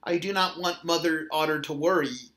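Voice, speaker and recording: A man's voice: on the high side, moderate pace, fairly bright tone, natural voice. A man voicing an eager, cheerful young male otter in a read-aloud storybook. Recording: roomy echo.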